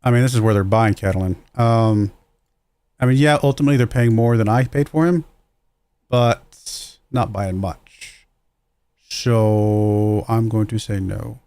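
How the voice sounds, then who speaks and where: A man's voice: fairly low pitch, fairly even intonation, a little slow, mellow, clear, resonant tone, dry recording. A man casually commenting while he plays a football management game on a livestream, thinking aloud and chuckling at his own slips. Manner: musing aloud, self-deprecating, chuckles at own mistakes.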